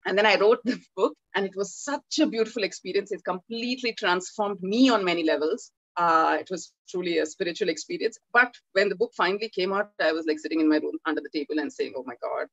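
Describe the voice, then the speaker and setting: A woman gives a talk as an author and tells stories by acting out the dialogue in lively quoted voices. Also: lowish voice, fast talker, few pauses, no echo, highs cut off. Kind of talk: animated storytelling talk.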